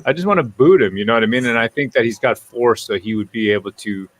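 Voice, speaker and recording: A man of medium pitch talks at a quick pace while hosting a casual live-stream chat. He tells animated, profane stories and reads out comments from viewers.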